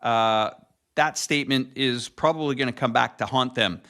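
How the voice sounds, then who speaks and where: A man from Canada co-hosts a casual political chat, earnest and a little worried. His tone is bright and forward, at a mid pitch. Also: normal speed. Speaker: co-host of a live talk stream.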